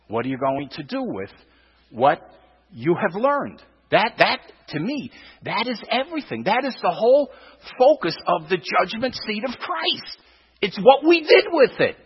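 Emphatic preacher with a husky, lively voice. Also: male voice, high voice, unhurried, long pauses. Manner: emphatic, repeats words, rhetorical questions. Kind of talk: sermon. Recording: dull, lo-fi sound with long reverb.

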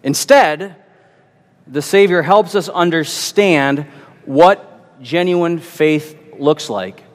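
A man's voice: on the high side, slow, in a large hall. A man preaching a sermon, earnest and emphatic, often repeating words as he builds his point.

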